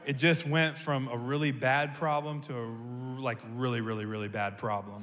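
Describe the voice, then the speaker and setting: A man preaching a sermon as a pastor, telling a story in an animated, humorous way. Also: medium pitch, moderate pace, hardly any pauses. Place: church sanctuary. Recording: echoey church hall.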